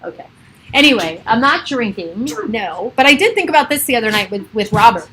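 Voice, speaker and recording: A woman's voice: fairly high pitch, lively intonation, brisk, bright, forceful tone, slight background noise, poor audio. Chatty middle-aged woman livestreaming from home. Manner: chatty, rambling, laughs often. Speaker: livestream host. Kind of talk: casual chat on a livestream. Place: home with children and pets around.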